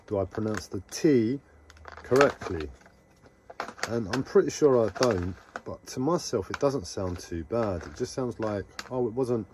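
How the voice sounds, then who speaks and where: A man live streaming a rambling, casual monologue to his viewers, halting often and talking to himself. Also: fairly low pitch, animated, noisy background. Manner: meandering, halting, talks to himself.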